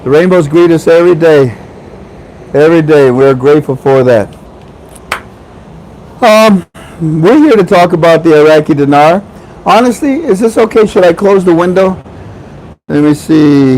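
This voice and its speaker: A man's voice: fairly high pitch, normal speed, long pauses, darkish tone, a little hiss or hum, rough recording. A man hosting a casual livestream, chatting with viewers, joking and laughing often. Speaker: livestream host.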